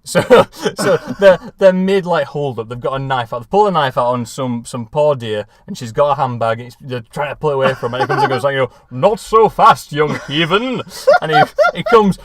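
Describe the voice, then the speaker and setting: A man's voice: mid-range voice, fast, hardly any pauses. A man co-hosting a podcast, telling a comic story with lots of laughter. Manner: animated, laughs often while talking. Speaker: podcast co-host pitching a film idea.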